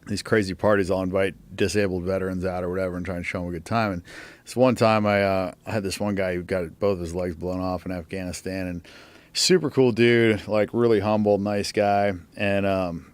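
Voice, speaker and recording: A man's voice: sits low, steady tone, brisk, no room sound. A man telling stories in a casual interview, rambling with lots of fillers and swearing. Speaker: interview guest. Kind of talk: casual storytelling.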